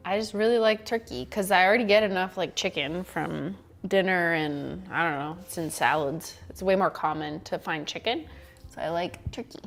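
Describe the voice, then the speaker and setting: A woman's voice: lowish voice, moderate pace, creaky, a bit bright. A woman hosting a casual cooking livestream, chatty and giggly, swearing offhandedly as she chops vegetables. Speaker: livestream host.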